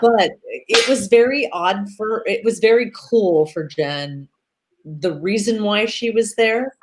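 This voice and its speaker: A woman's voice: medium pitch, slow, noisy background. A woman hosting a casual live video chat as a hypnotherapist, talking in a rambling, chatty way with many restarts. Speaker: host and hypnotherapist.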